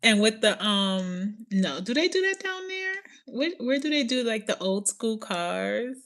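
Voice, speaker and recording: A podcast host from the New York area, this woman speaks in an unhurried, somewhat high voice during a casual chat. She rambles with plenty of fillers, giggles excitably and often, and slips into playful accent impressions.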